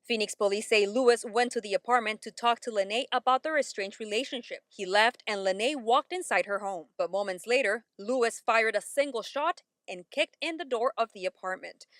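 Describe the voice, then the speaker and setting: A woman field reporter delivering a news report in a measured, formal way. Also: a little high, a bit bright, no echo, clean studio sound.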